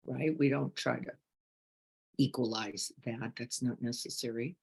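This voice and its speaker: A woman meditation teacher giving a reflective dharma talk, asking many questions and moving between hushed and emphatic moments. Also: low voice, normal speed, creaky, slightly rough. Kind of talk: reflective dharma talk, reading participant comments.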